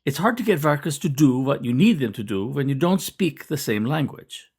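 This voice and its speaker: A man's voice: mid-range voice, animated, a little fast, a little mellow, breathy edge. A man voicing a young, hearty male cannery boss with a Norwegian accent who speaks in effusive exclamations. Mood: persuasive.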